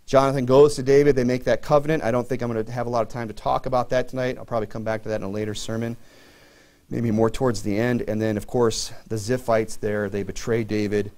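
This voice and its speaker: A man's voice: mid-range voice, level tone, quick pace, a little mellow. A middle-aged man preaching a sermon to his church in a conversational way, full of "you know" fillers. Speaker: pastor.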